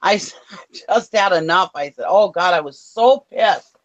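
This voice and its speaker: A woman's voice: lowish voice, lively intonation, unhurried, muffled recording. Fired-up woman telling a complaint story. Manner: fired-up storytelling, swears freely. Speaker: co-host. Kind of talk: casual chat.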